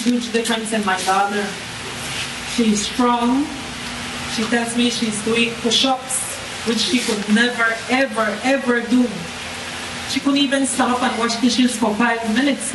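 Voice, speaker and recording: Earnest mother, distant and echoey. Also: on the high side. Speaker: mother of a community member. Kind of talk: emotional testimony. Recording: echoey, distant, noisy outdoor recording.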